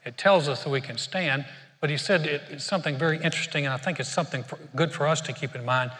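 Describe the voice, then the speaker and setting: An older man preaches a sermon in a loose, conversational way, stumbling and repeating words as he finds his thoughts. His voice sits a little high for a man. It rings out with a long reverb, as if he is speaking in a hall. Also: fast talker, fairly bright tone. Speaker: pastor.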